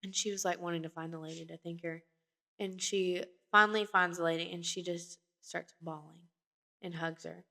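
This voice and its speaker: A woman's voice: lowish voice, steady tone, normal speed, vocal fry, sharp tone. A woman co-hosting a podcast, chatting casually and retelling stories with lots of fillers and restarts. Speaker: podcast co-host. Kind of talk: casual chat.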